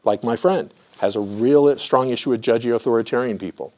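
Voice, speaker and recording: Mellow-voiced middle-aged man lecturing. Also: medium pitch, brisk. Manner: conversational, clears his throat often. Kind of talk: live lecture with personal anecdotes. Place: room with a live audience.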